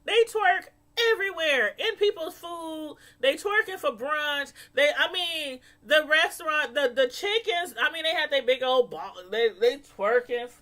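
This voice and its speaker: Chatty bright-voiced woman vlogger. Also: high voice, lively intonation, measured pace, hardly any pauses. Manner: chatty, laughs a lot, mimics people in quotes. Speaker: vlogger reviewing a reality show. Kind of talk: casual chat to viewers.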